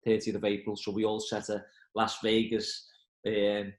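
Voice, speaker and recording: A man's voice: fairly low pitch, moderate pace, reverberant, rough recording. A football manager, chatting in an interview and acting out the voices in his stories. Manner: animated storyteller, acts out quoted voices. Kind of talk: casual interview.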